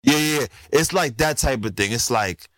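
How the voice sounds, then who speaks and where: A man co-hosting a boxing talk show, telling stories with lively swings in his voice. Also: medium pitch, no room sound. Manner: animated storyteller, quick impressions of others. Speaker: podcast co-host, boxer. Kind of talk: casual chat.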